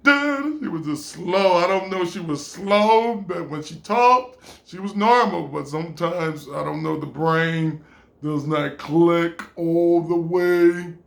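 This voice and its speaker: A man's voice: on the high side, slow pace, vocal fry. A man in his twenties telling a casual personal anecdote, rambling, full of "like" and laughing often. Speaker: storyteller.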